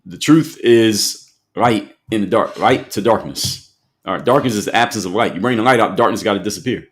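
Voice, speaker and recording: A man's voice: lowish voice, brisk. A man hosting an opinion commentary show, speaking emphatically and repeating his points for effect.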